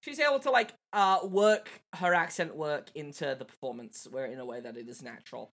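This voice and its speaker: A woman with a fairly low voice, born outside the USA, talks through a movie in a relaxed, playful way. She is animated and often repeats a word while she gathers her thoughts. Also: brisk. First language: not American, born abroad. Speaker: podcast co-host. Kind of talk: casual film discussion.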